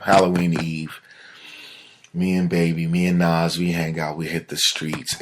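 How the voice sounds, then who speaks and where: A man hosting a casual solo podcast, telling a personal story in an animated way that sinks to a low mutter when he is upset. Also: slight background noise. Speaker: podcast host.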